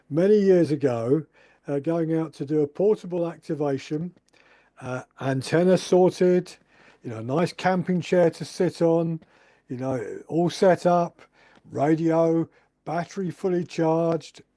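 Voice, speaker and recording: Club host, a man, warm and mellow, chatty with frequent laughs. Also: fairly high pitch, no room sound. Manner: chatty, laughing often, halting. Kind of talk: casual chat.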